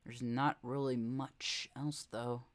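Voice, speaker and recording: Young male streamer, casual off-the-cuff commentary, rambling and self-correcting, average pitch. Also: steady tone, slow.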